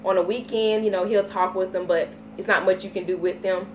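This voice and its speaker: A woman in her thirties with a Southern US accent, chatting casually on a live vlog, telling stories with lively baby talk. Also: medium pitch, brisk, faint music behind. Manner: animated storytelling with playful baby talk. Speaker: vlogger.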